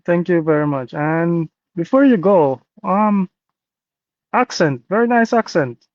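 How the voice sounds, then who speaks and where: A man's voice: high-pitched, animated, a little slow, dry recording. A man from Jamaica with a Jamaican accent, a guest sharing his business story in an earnest, repetitive, motivational way on a video call. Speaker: interview guest, business owner. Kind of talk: casual testimonial talk. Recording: dull dry call audio.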